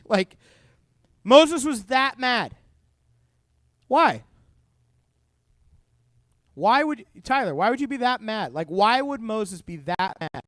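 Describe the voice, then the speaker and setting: High, clear-voiced young man preaching. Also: measured pace, long pauses, dry recording, clean studio sound. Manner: animated storytelling with jokes and quoted voices. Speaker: youth pastor. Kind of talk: youth group Bible talk.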